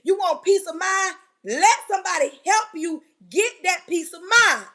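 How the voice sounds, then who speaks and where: A woman giving a fervent, preachy motivational talk on a live stream, hammering repeated phrases and often yelling. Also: very high voice, lively intonation, a little slow.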